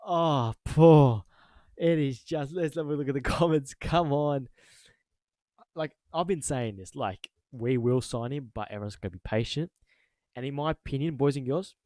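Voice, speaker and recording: A man making a football reaction vlog, excitable, repeating his exclamations and laughing loudly. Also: mid-range voice, moderate pace, no echo. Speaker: football fan YouTuber.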